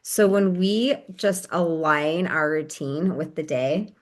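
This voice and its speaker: A woman giving a calm, gentle wellness lesson in a casual, explanatory way, with frequent fillers. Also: low-pitched, slow pace. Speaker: wellness teacher. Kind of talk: casual instructional talk.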